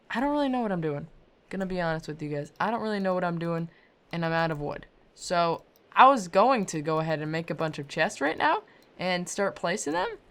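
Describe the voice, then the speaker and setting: Rambling woman narrating a Minecraft let's play. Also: medium pitch. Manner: rambling, self-deprecating, often says "I don't know"; gets loud and excited when ranting. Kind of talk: casual gameplay commentary.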